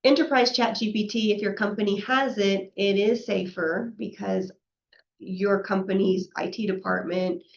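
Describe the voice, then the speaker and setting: A woman presents a professional session in a chatty, conversational way, often tossing in a "right?" and acting out quoted back-and-forths. Her voice carries a gravelly fry, and the recording sounds somewhat muffled and lo-fi. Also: mid-range voice, steady tone, normal speed, slight background noise. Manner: conversational, frequently adds "right?" and acts out quoted exchanges.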